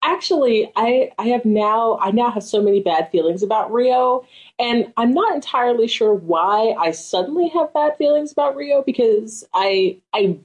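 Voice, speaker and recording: A woman's voice: a little high, expressive, normal speed, rough recording. A young adult woman co-hosting a podcast, chatting casually and animatedly with opinionated asides and frequent fillers. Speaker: podcast co-host. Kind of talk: casual chat.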